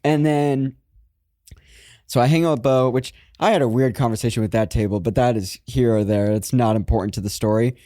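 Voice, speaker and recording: A man's voice: medium pitch, fairly quick, no room sound. Laid-back man guest, dry close sound. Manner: relaxed, giggly, self-mocking storyteller. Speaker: podcast guest. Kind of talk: casual storytelling chat.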